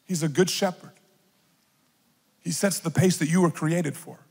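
A man preaching a lively sermon as a pastor, acting out little voices and playful asides. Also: a little high, normal speed, vocal fry, breathy edge, long reverb tail.

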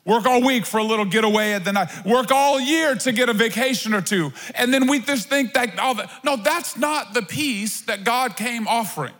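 High-voiced preacher in an echoing hall. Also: male voice, normal speed, hardly any pauses, fairly bright tone. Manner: conversational preaching with playful asides. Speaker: pastor. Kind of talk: sermon. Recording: long hall reverb.

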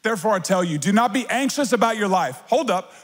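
Animated high-voiced man preaching in a hall. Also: fast talker. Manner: animated, acts out voices, playful asides. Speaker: pastor. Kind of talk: sermon.

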